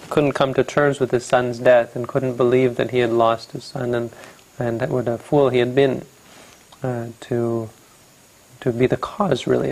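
A man telling a Buddhist story as a teacher, halting and often correcting himself as he reflects aloud. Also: mid-range voice, creaky, a little mellow, rough recording. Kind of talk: storytelling dharma talk.

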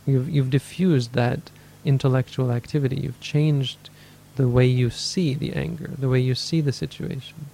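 A man's voice: mid-range voice, steady tone, moderate pace, creaky, warm tone, a little hiss or hum. A man giving a meditation talk, thinking aloud, correcting himself and acting out people's inner voices. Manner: thoughtful, self-correcting, acts out inner voices. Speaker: meditation teacher. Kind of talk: dharma talk answering questions.

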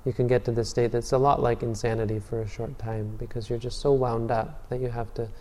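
A man gives a Buddhist dharma talk on meditation, telling stories calmly in a mellow, dark voice of medium pitch at a brisk pace. He frequently restarts and repeats words, and his sound fades into a long hall reverb.

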